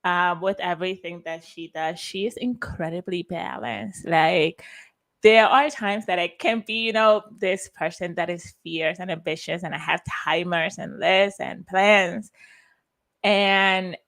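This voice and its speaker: A woman's voice: on the low side, steady tone, unhurried, fairly bright tone. A woman organizing a conference and speaking with effusive emotion and frequent restarts. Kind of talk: heartfelt conference talk.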